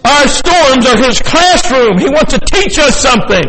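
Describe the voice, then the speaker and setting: An older male pastor with an unusually high voice preaches in an animated way, acting out the story with chuckles. His voice rings through a church hall with a long echo. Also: unhurried. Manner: animated, acts out scenes, chuckles often. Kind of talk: sermon. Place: church sanctuary.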